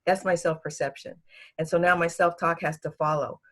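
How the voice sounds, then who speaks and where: A woman's voice: on the low side, little pitch movement, a little fast, fairly bright tone. Emphatic woman coach giving tips. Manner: emphatic, repeats words for stress. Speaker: executive coach, interview guest. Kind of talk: giving advice in an interview.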